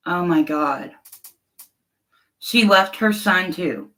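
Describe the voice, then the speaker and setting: A middle-aged woman hosts a casual livestream, reading viewer comments and talking bluntly and emotionally while often laughing. Her lowish voice has a fairly bright tone, she takes it slowly, and the recording is rough.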